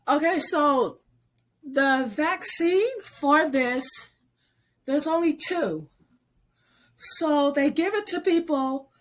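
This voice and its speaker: A woman vlogger who is sick and coughing, talking casually and haltingly through news, stumbling over place names. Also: sits high.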